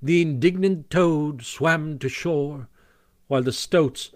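A man reading a classic storybook aloud as narrator, expressive and animated, on a close microphone. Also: fairly high pitch, slow, dry recording. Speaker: audiobook narrator.

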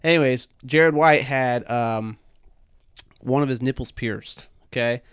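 A young man co-hosting a podcast, spinning loose, profane anecdotes packed with "dude" and "man". His voice is smooth and clear, at a middling pitch. The sound is dry and close, with no room echo. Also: measured pace. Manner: rambling, swears a lot, heavy fillers like "dude" and "man". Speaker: podcast co-host. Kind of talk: casual chat, storytelling.

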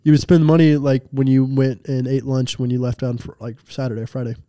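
A man's voice: medium pitch, level tone, fast, dark tone, clear, resonant tone. A man in his twenties, co-hosting a casual podcast chat and telling rambling, jokey stories. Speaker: podcast co-host.

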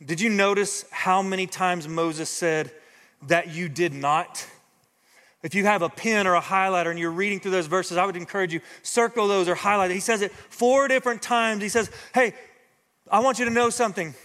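A male pastor preaching a sermon, talking straight to his congregation in a lively, engaging way. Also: sits high, normal speed, big-room sound.

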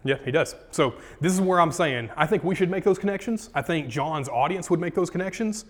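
A man's voice: a little high, animated, fairly quick, in a large hall. A man leading a casual Bible study, retelling scripture in slangy, folksy speech.

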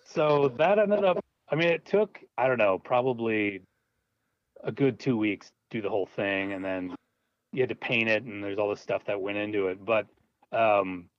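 This interview guest, a low-budget filmmaker, has a fairly low voice and speaks at a moderate pace. Laughing and lively, he tells a casual story and acts out its characters. The recording is dull, dry, and lo-fi.

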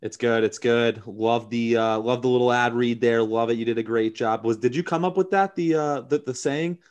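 A man's voice: medium pitch, moderate pace, a little mellow, muffled recording. A man co-hosting a podcast, bantering loosely and rambling with jokes among friends. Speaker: podcast co-host.

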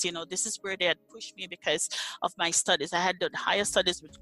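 A middle-aged woman tells her story of faith in an interview, earnest and searching, often circling back over her words. Her voice is bright and sits a little low, with soft music faintly underneath. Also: fairly even intonation, fast talker. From Jamaica. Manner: earnest, repeats words while searching for them. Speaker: interview guest. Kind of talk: personal faith testimony in conversation.

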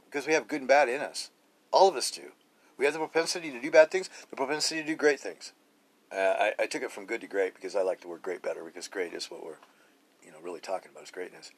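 A man's voice: fairly high pitch, breathy edge. Rambling middle-aged man on a phone mic. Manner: casual, profane, repetitive with many restarts. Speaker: podcast host. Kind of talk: rambling spiritual podcast monologue. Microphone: cheap phone.

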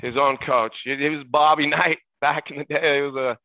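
A middle-aged man, a podcast guest, telling lively stories in a casual chat, excitable and quick to laugh. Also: fairly high pitch, no echo. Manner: excitable, jumps into shouted impressions and laughs. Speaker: guest, former ballboy. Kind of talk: animated storytelling in casual chat. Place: at home in Utah. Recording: tinny phone-line sound, dry.

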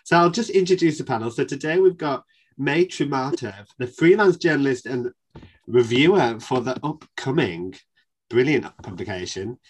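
A husky man with a Northern English accent hosts a panel chat. His voice is lively and ranges up and down as he talks in a chatty, quick way. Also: medium pitch. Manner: chatty, quick, laughs easily. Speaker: podcast host.

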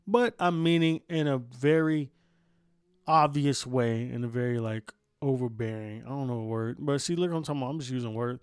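A man's voice: mid-range voice, a little fast, darkish tone, smooth, no room sound, studio quality. A man hosting a casual solo podcast, rambling and groggy after just waking up, cussing a lot and stumbling over his words. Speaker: podcast host.

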